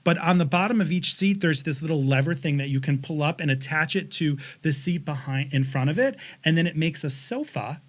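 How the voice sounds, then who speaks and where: A man's voice: a little high, lively intonation, fairly quick, hardly any pauses. A man in his forties co-hosting a podcast, telling a profane story in casual chat and putting on voices for the people in it. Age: 40s. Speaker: podcast co-host.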